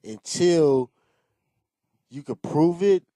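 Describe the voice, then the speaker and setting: An easygoing, opinionated man co-hosting a casual podcast chat, his slang-filled talk delivered in a mellow, relaxed tone. The recording is close and dry. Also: fairly high pitch, extremely slow, no echo. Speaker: podcast co-host.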